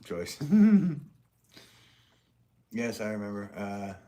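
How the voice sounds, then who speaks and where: A man's voice: on the low side, steady tone, slow. A man who is a potter, chatting casually with viewers on a live stream, rambling and chuckling often as he reads comments.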